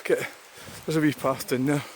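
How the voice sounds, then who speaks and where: A man's voice: on the high side, fairly even intonation. A Scottish man chatting casually as he walks outdoors by a river, rambling, swearing now and then, and talking to the camera. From Scotland. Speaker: vlogger. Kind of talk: casual walking vlog talk. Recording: rushing stream noise outdoors.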